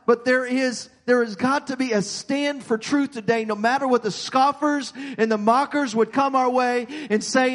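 A man's voice: extremely high pitch, fairly bright tone, long reverb tail. A man preaching a sermon as pastor, earnest, often repeating and restarting his words.

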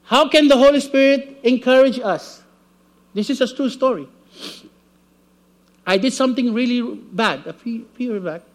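A man preaching a sermon, telling a personal story with animated delivery and acted-out voices. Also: very high-pitched, normal speed, pauses often.

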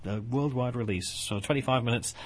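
A man hosts a radio chat show in an easy, teasing way. His voice is husky, at a middle pitch. He reads out notices and banters with his guests. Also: fast talker. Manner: chatty, teasing. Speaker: radio host.

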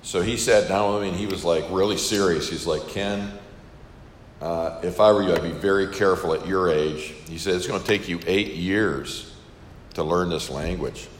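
A man's voice: low voice, normal speed, reverberant, in a large hall, a little hiss or hum. An older man who is a missionary, casually telling a story to an audience and acting out the dialogue. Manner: casual, chatty, acts out quoted dialogue.

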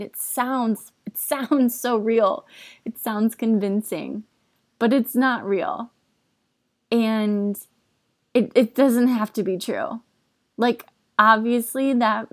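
A woman's voice: medium pitch, no room sound, clean studio sound. A young woman hosting a podcast, speaking in a candid, confessional way with casual fillers. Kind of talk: personal reflective talk.

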